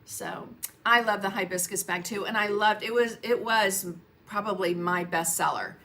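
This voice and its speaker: A woman's voice: mid-range voice, moderate pace, fairly bright tone. A woman painting teacher chatting casually on her livestream, greeting viewers by name and laughing often. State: coughing, frog in her throat. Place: home painting studio.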